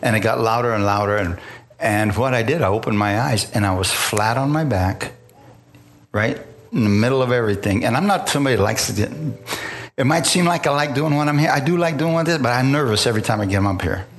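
A male preacher shares his testimony with a congregation. He tells it as a story, slips into the voices of the people in it, and keeps calling for an amen. His voice sits at an ordinary middle pitch, with faint music under it. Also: fairly quick. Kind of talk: testimony sermon. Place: church in front of a congregation.

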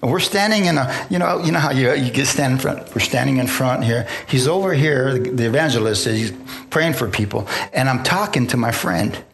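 A man's voice: mid-range voice, a little fast, creaky, fairly bright tone. A man preaching to a congregation, telling his own story and acting out other people's voices, often asking for an amen. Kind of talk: testimony sermon. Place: church in front of a congregation.

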